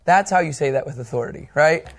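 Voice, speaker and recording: A man teaching a Bible class, animated and asking his students questions as he goes. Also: a little high, fast talker, creaky.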